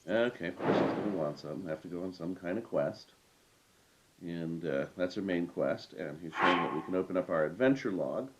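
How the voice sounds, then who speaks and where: A man hosting a game walkthrough, explaining step by step in a relaxed, casual way with frequent fillers. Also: deep voice, brisk, highs cut off, heavy background noise. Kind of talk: casual let's-play commentary.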